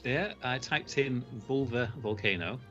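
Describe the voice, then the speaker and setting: A man presenting his answer in a casual comedy game over a video call, halting and laughing at himself. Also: medium pitch, dull audio, over loud music. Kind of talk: casual banter among friends.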